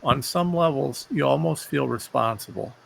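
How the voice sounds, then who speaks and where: A man's voice: medium pitch, moderate pace, vocal fry, fairly bright tone, slight background noise. A man hosting an interview, talking earnestly and often repeating words as he gathers his thoughts. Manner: earnest, repeats words while searching for them. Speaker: show host. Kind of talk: conversational interview.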